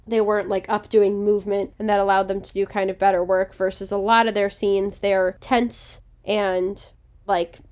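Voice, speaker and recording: A young woman co-hosts a casual podcast chat. She states her opinions frankly and with confidence, at an even, mid-range pitch. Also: moderate pace. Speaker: podcast co-host.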